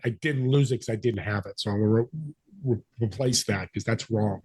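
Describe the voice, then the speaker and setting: A man guest on a podcast telling a story, acting out the voices of people in it with lively energy. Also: fairly low pitch, a little fast, slightly rough, no echo. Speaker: podcast guest, business connector. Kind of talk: storytelling interview talk.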